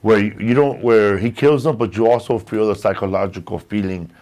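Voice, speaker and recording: A man's voice: fairly low pitch, fairly even intonation, fairly quick, darkish tone. A man hosting a podcast, chatting casually, rambling and profane, saying bro a lot. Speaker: podcast host. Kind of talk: casual chat. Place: podcast studio.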